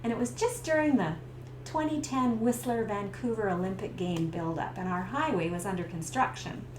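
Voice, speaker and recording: A woman's voice: medium pitch, moderate pace. A middle-aged woman from Canada, a stress coach telling a personal story to camera and acting out the scenes. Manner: lively storyteller who acts out the scenes. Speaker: stress coach and business owner. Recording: roomy echo with faint background hiss.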